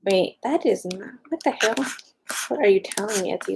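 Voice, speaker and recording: Gushing, excitable woman in casual chat. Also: mid-range voice, normal speed, noisy background. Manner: gushing, excitable, talks while browsing.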